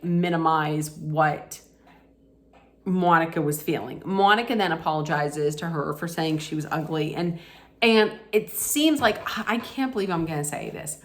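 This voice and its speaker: A deep-voiced woman vlogger recaps a reality TV episode in a casual, chatty way. She retells scenes and quotes lines, frequently restarting her sentences.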